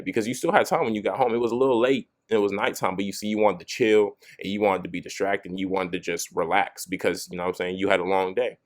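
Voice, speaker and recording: A man's voice: on the low side, steady tone, quick pace, hardly any pauses. A young man talks straight to camera in a loose, casual motivational style. He keeps circling back with "you know what I'm saying" and restarts lines as he thinks aloud. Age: young adult. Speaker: motivational video host.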